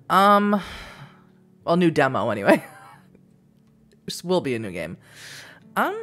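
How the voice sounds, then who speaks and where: A woman streaming a text-based game, chatting casually and reading the story aloud in a bubbly, excitable way. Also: extremely low pitch, a little slow, pauses often. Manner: bubbly and excitable, reads narration with gentle emphasis. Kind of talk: casual let's-play chat and reading aloud.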